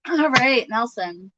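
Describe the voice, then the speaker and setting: A woman's voice: fairly high pitch, bright, forceful tone, dry recording, rough recording. A young woman giving a casual, chatty tarot reading, giggling often and speaking straight to her viewers. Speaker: tarot reader.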